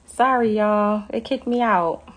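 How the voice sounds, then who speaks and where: A woman's voice: medium pitch, a little slow. A woman hosting a casual live finance Q&A from her phone, chatty and laughing often. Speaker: finance livestream host.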